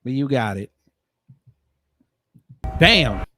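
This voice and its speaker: A man hosting casual reaction commentary, animated and exclamatory, with heavy slang and jokes. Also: medium pitch, very slow, slight background noise. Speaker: commentary host.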